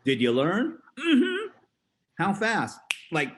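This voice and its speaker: A man giving a motivational talk, animated, laughing often and acting out voices in his stories. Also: high voice, slow pace, pauses often, slight background noise. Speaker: motivational speaker.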